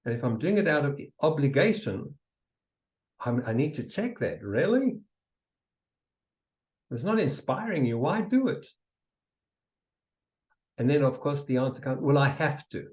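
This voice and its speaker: A man giving a motivational seminar talk, emphatic and repetitive, sometimes dropping to a soft near-whisper to demonstrate. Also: mid-range voice, big pitch swings, a little slow, pauses often, poor audio. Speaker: seminar speaker.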